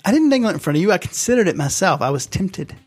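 A man's voice: high-pitched, sing-song, rapid-fire, husky, soft background music. A man co-hosting a radio show, bantering casually and teasingly with his wife. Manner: teasing, jokey.

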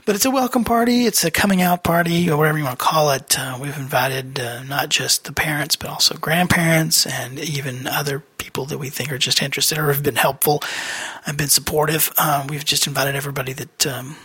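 A man's voice: on the high side, fairly even intonation, brisk, pushed and bright, slightly rough, no room sound. A man hosting a podcast, giving a casual personal update in a rambling way with many fillers and restarts. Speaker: podcast host.

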